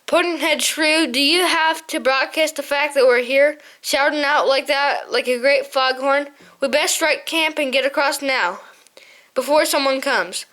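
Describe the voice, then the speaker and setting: A testy older male shrew who ferries others across a river, as a woman puts him on, scolding in a brusque, raised voice. It is pitched high and pushed, a storybook character voice. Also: measured pace, bright, forceful tone. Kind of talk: audiobook reading.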